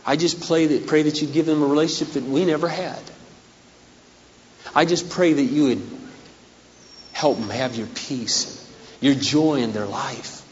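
A male pastor delivering a sermon with dramatic, humorous flair, his voice slightly raised and worn hoarse. He sounds like he is in a large church hall with long reverb, and the dull recording has faint background noise. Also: on the high side, a little slow, long pauses. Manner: dramatic and humorous, acts out scenes. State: voice going hoarse.

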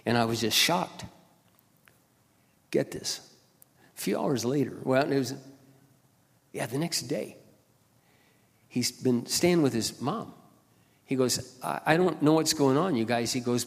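A man preaching a sermon as a pastor, passionate, dropping to quiet asides and then rising to loud exclamations. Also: medium pitch, normal speed, pauses often. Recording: long hall reverb.

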